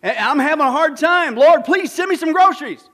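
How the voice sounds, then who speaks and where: A man voicing an elderly devout woman who shouts praise from her front porch, stretching the words out loud and slow. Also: high-pitched, lively intonation, voice pushed up. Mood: pleading prayer. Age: older. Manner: loud, drawn-out joyful shouting.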